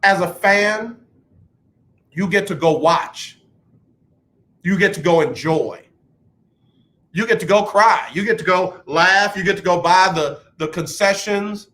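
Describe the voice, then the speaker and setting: Man, sports radio host, emphatic ranting delivery, high and bright voice. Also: a little slow, long pauses. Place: radio studio.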